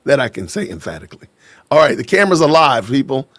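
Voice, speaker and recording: A man hosting a casual livestream podcast, playful and quick to laugh while shouting out viewers. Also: medium pitch, sing-song, dry recording. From Aurora, Illinois. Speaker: podcast host. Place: home in Georgia.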